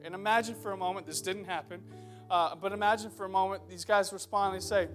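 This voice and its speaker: A man in his twenties preaching a sermon in a church, loud and joking, calling out to the crowd. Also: sits high, steady tone, quick pace, faint music behind. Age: 20s. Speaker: pastor. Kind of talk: energetic sermon. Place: church hall.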